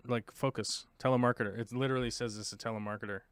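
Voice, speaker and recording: A rambling man chatting casually as a show host, his voice smooth and resonant. The sound is dry and close, with no room around it. He drifts between topics and pokes fun at himself. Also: mid-range voice, fairly even intonation, racing, few pauses, dry recording. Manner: rambling, chatty, self-mocking. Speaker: podcast host. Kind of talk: casual livestream chat.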